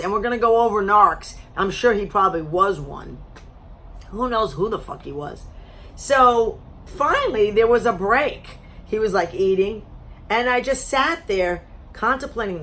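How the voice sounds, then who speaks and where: A woman vlogger telling a story to camera in a blunt, animated way, swearing freely, her voice a little strained as she loses it. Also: mid-range voice, a little slow, a little hiss or hum. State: losing her voice.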